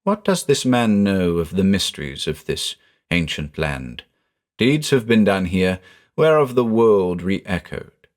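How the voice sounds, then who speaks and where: A man reading the part of a stern, somber old woman with a deep, powerful voice and archaic speech. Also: very animated, a little slow, a little mellow.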